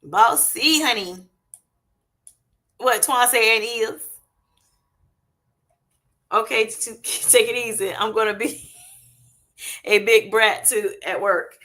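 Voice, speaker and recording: This middle-aged woman's voice sits a little high and sounds pushed and bright, coming slowly with frequent pauses. Hosting a livestream on a streaming setup, she chats casually, laughs often, and calls her viewers honey and y'all.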